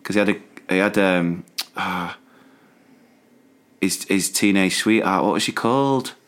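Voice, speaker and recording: A man co-hosts a podcast, chatting casually in an easygoing, rambling way full of fillers and restarts. His voice is low-pitched, a bit bright, and a little slow.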